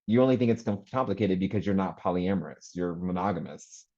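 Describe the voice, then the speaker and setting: Animated man telling family stories, muffled audio. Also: deep voice, fast. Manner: animated storyteller, acts out family quotes, laughs often. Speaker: panel guest. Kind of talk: casual group chat.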